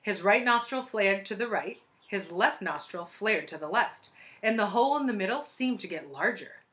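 A woman reading a chapter book aloud to children, lively and inviting them to join in. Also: medium pitch, moderate pace. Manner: lively, asks listeners to try along. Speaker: storybook reader.

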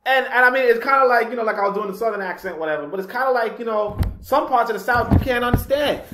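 A man's voice: very high-pitched, fast, noisy background. A male radio host and author in a casual talk-radio monologue. He rambles, laughs often and fills with "you know". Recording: echoey room.

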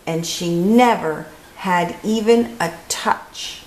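A woman reading a children's picture book aloud as host, with expressive story-time delivery. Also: medium pitch, slow pace. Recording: echoey room.

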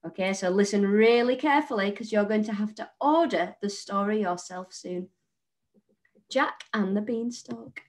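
A female primary school teacher with a British accent, giving a recorded online lesson to young children in a clear, patient, encouraging way and often checking in with "okay?". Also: medium pitch, moderate pace, few pauses, a little mellow. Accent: British English.

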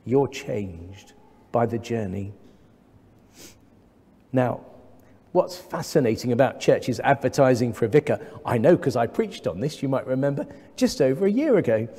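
An English man in his thirties preaching a sermon as the new vicar, measured and gently humorous, with rhetorical questions to the congregation. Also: medium pitch, expressive, husky. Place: large church. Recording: long church reverb.

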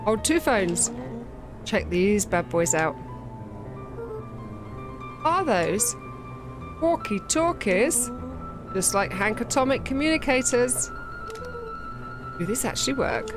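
A woman plays through a story game, reading its lines aloud and joking between them. Her delivery is playful and chatty. Game music plays clearly behind her voice. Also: fairly high pitch, sing-song, takes it slowly, long pauses. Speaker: gameplay streamer. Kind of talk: playthrough commentary, reading dialogue aloud.

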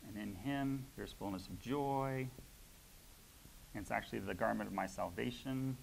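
A man sharing a spiritual reflection with a church congregation, talking in a reflective, halting way with many pauses and fillers. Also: fairly low pitch, creaky, a little hiss or hum, rough recording. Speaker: church member sharing a word. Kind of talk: informal sermon sharing.

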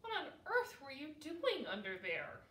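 Woman doing a gentle storybook dad owl, lowered, echoey. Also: wildly swooping pitch, unhurried, exaggerated voice. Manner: soothing, kindly. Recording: roomy, from a distance.

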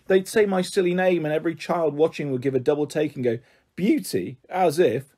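A man's voice: fairly high pitch, a little fast, mellow, lightly acted. A man reading the part of a shy, anxious young schoolgirl in an audiobook, with a worried, self-doubting manner. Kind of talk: audiobook character voice.

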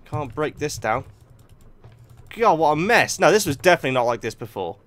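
A young man narrates his gameplay in a slightly high voice. His pitch swings widely as he reacts excitably, often talking straight to the game. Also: a little fast. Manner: excitable, talks to himself and the game. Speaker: gaming video host. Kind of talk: let's play commentary.

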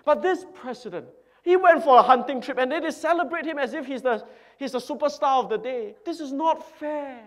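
A man's voice: very high voice, brisk, pitched above the performer's own voice. A man acting out an elderly missionary man who indignantly complains that his service went unrewarded. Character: old male missionary, bitter and upset. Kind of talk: sermon illustration.

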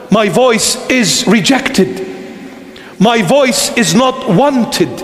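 A man preaching, voicing the crucified Christ crying out in anguish, pleading and rising to shouts. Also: very high voice, reverberant, big-room sound, pitched below the performer's own voice, exaggerated voice.

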